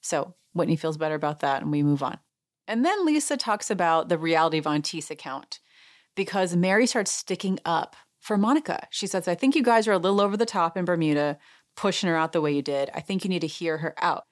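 A woman with a slightly low voice hosts a podcast, recapping reality TV in a loose, chatty way. She acts out quoted lines with sudden lively leaps in her voice before settling back into her easy talk. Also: a little fast. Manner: chatty, reenacts quotes with animated voice jumps. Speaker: podcast host. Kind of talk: casual recap chat.

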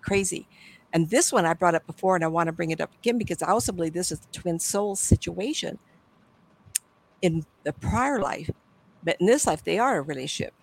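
Woman medium, middle-aged, rambling storyteller with a gravelly edge and self-corrections. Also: lowish voice, lively intonation, fairly quick, low-quality recording. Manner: rambling, self-correcting, drifting between asides. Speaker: psychic medium, guest. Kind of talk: storytelling in an interview.

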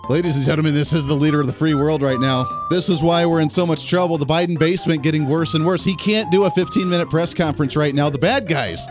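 A man hosting a talk radio show, giving sarcastic, animated, unscripted political commentary. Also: a little high, quick pace, hardly any pauses, over music.

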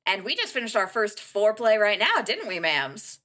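A woman's voice: mid-range voice, sing-song, moderate pace, pushed and bright. A woman co-hosting a podcast, chatting playfully and reading out announcements. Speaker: podcast co-host. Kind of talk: casual chat.

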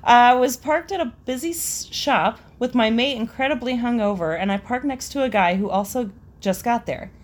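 A woman's voice: on the high side, normal speed, hardly any pauses. A young woman casually reading out embarrassing stories and laughing between them. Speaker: storyteller reading listener stories.

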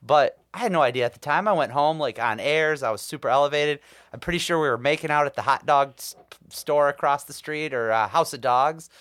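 A man's voice: on the high side, a little fast, a bit bright, dry recording. A man, co-hosting a podcast, telling dating stories in a blunt, profane, casual way. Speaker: podcast co-host. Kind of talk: casual chat.

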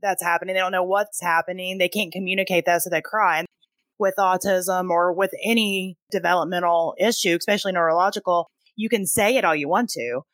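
A woman's voice: on the low side, fairly even intonation, fairly quick, a bit bright, no room sound. A woman in her thirties, a mother and podcast guest, explaining things earnestly. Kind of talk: casual panel chat.

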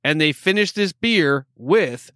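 A man's voice: fairly high pitch, animated, a little slow, sharp tone, no room sound, studio quality. A man co-hosting a podcast in casual chat, joking and laughing often, with a slight New York accent. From upstate New York. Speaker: podcast co-host.

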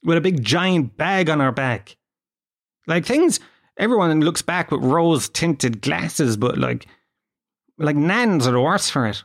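An Irish man with a Kerry accent rambles through a comic monologue. He is sarcastic and sprinkles in a lot of swearing, and his voice sits a touch high for a man. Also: lively intonation, unhurried. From Tralee, Ireland. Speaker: comedic monologue host.

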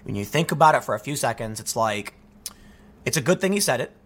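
A man's voice: medium pitch, lively intonation, quick pace, a bit bright. A man giving political commentary, reading news aloud and reacting emphatically with disbelief.

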